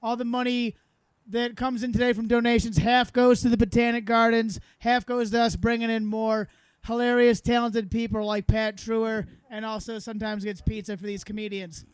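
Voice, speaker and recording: A man's voice: level tone, normal speed, clear, resonant tone, dry recording. A man hosting an outdoor park comedy show, wrapping up with upbeat thanks and announcements. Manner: upbeat, thankful pitch to the crowd. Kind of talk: closing announcements.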